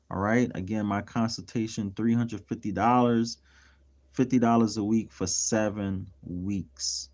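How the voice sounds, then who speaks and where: A man's voice: lowish voice, fairly even intonation, unhurried, a little mellow. A man talking casually on a livestream as a real estate mentor, blunt and heavily profane, flaring into heated rants. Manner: heated ranting in bursts.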